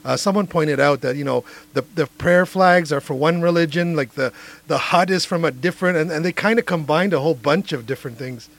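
Higher-voiced male interviewer, stumbling. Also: brisk, gravelly. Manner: stumbling, repeats words. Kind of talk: casual interview chat.

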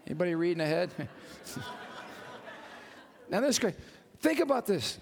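Brief: high-pitched male pastor, animated sermon, long church reverb. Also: moderate pace, vocal fry, pauses often. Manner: animated, joking, calls out to congregation.

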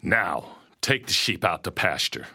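A man's voice: deep voice, sing-song, a little slow, pushed and bright, breathy edge, full character voice. A man voicing a cruel, hateful middle-aged farmer who barks orders and growls threats in a storybook reading. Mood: threatening.

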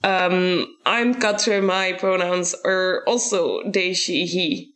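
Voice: mid-range voice, fairly even intonation, slow, fairly bright tone. A podcast co-host in casual chat, rambling and self-mocking.

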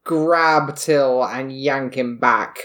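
A man playing in a tabletop game, measured, explaining his actions plainly. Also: medium pitch, sharp tone. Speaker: player.

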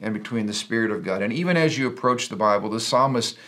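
A man's voice: lowish voice, fast talker, sharp tone. A middle-aged man, a pastor and podcast co-host, talking in an earnest, preachy storytelling way. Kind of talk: casual Christian podcast talk.

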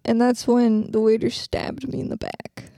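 A woman's voice: a little high, little pitch movement, normal speed, gravelly, dark tone, no room sound, clean studio sound. A woman in her twenties co-hosting a podcast, chatting in casual, giggly, joking banter. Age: 20s. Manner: giggly, jokey. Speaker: podcast co-host.

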